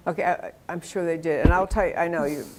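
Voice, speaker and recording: A woman hosts an interview with a slightly low voice. She is earnest and affirming toward her guest, and her long comments ramble on before she gets to the point. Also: steady tone, fast, a little mellow. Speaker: talk show host. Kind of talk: conversational interview.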